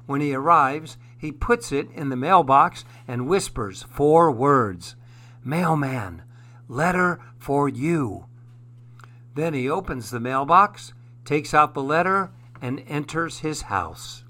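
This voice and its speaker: A man narrating a children's story in a gentle, expressive way. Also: fairly high pitch, measured pace.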